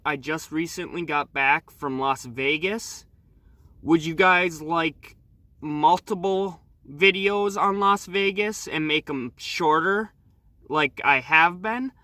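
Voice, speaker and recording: Male travel vlogger, slow easygoing talk, bright tone, dry close mic, rambling fillers. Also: a little high, no echo. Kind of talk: casual vlog review. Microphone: new microphone.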